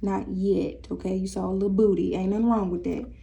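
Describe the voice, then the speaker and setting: A young woman reading tarot cards in a loose, sassy way, teasing her viewers as if they were friends. She speaks, and her voice is gravelly and mellow. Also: medium pitch, steady tone, a little fast, a little hiss or hum. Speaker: tarot reader.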